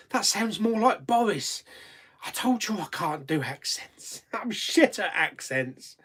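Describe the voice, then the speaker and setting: A man with a slightly husky voice hosts a relaxed live chat, reading viewers' questions aloud and answering them. His pitch swings around a lot as he talks, and he laughs easily. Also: slow. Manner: chatty, laughs often, reads viewer comments aloud. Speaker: host of a live chat stream.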